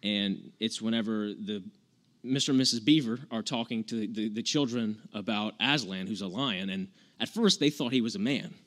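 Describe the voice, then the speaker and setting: A man's voice: lowish voice, normal speed, a bit bright. A man preaching an informal sermon, earnestly retelling scripture in plain, everyday words with frequent restarts.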